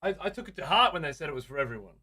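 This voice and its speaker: A man's voice: a little high, big pitch swings, rapid-fire, bright, forceful tone, dry recording, clean studio sound. A man ranting casually as a streamer, sarcastic, profane and exasperated.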